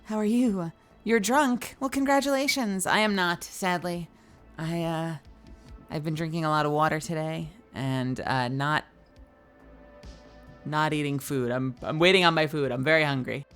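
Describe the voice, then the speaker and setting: A young woman hosts a casual live-stream chat, tired and yawning, reading viewers' messages aloud with the odd swear word. Her low voice has a bit of brightness and moves at normal speed. Faint music can be heard behind her.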